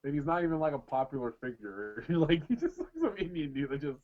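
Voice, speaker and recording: A man co-hosting a casual podcast, retelling scenes loudly with plenty of swearing and laughter. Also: a little high, big pitch swings, brisk. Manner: loud, laughing, profane storytelling. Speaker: podcast co-host. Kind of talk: casual chat. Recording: dull lo-fi sound.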